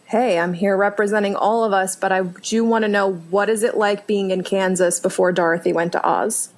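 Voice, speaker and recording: A woman's voice: mid-range voice, moderate pace. Joking woman co-host. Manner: joking, animated storytelling. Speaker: podcast co-host. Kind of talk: casual chat.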